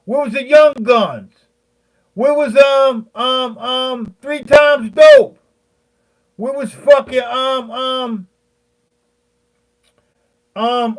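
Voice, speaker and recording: A man in his fifties, a beat maker, ranting heatedly at his viewers, profane and rambling, with many fillers and pauses. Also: very high-pitched. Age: 50s.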